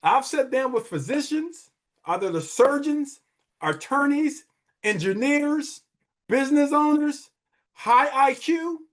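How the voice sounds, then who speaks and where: Animated, high-pitched man preaching about money. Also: unhurried. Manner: emphatic, preachy, repeats phrases for effect. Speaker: wealth advisor and podcast host. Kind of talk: motivational money talk.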